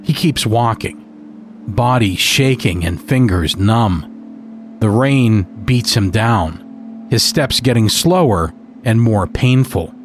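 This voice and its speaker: A man narrating a dark story in a measured, scripted storytelling manner. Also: on the low side, expressive, slight background noise.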